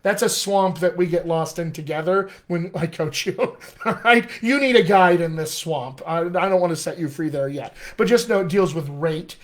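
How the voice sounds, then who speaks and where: A man's voice: on the high side, moderate pace. A man teaching as a dialect coach in a live online lesson, explaining patiently and sounding out example phrases, often checking in with "all right?".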